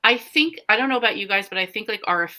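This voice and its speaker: Bright-voiced woman hosting a reading stream. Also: medium pitch, quick pace. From American South. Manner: animated, reads viewer comments aloud. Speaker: host of a live reading sprint. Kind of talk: casual livestream chat.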